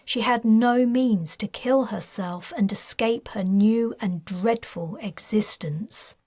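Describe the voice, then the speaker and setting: A woman, the author, reading her science fiction audiobook in a measured, even manner. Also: medium pitch, no echo, studio quality. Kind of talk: scripted audiobook narration.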